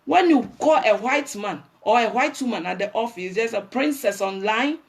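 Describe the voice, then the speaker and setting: A woman's voice: a little high, animated, moderate pace, vocal fry, hardly any pauses. Woman, Ghanaian accent, livestream host, scolding, preachy rant.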